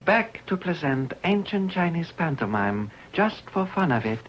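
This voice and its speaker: A sing-song, clipped broken-English commercial narrator, as a man puts the voice on. He speaks unhurriedly and swoops widely in pitch, and his voice sits low. The audio is dull and lo-fi, like an old commercial, with faint hiss behind it. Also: very animated, a little slow. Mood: mock solemn.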